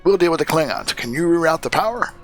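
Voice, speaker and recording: A man's voice: fairly high pitch, animated, quick pace. A man giving rambling, jokey commentary while streaming a video game. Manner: rambling, chatty, jokey asides. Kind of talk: casual let's-play commentary. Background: game music.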